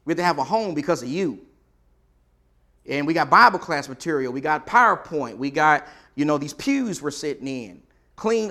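A man's voice: on the high side, fairly bright tone. Man preaching in a conversational tone. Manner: conversational preaching, reads scripture aloud with emphasis. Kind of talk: sermon. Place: church auditorium.

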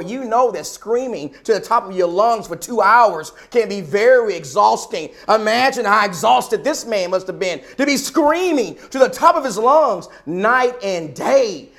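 A man's voice: high voice, a bit bright. A preacher delivering a sermon, an emphatic man who repeats his phrases and asks the listeners rhetorical questions.

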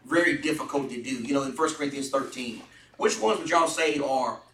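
A man's voice: medium pitch, brisk, a bit bright, a little hiss or hum. A man leading a Bible study, earnestly asking the group questions. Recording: echoey room from far off.

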